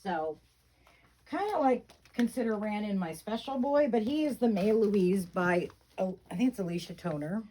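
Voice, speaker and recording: In this low-quality vlog recording, the reborn doll vlogger speaks at a moderate pace in an animated, mellow, mid-range voice. She's a middle-aged woman chatting casually, airing frustrations between fond words for her dolls and filling her rambling with fillers.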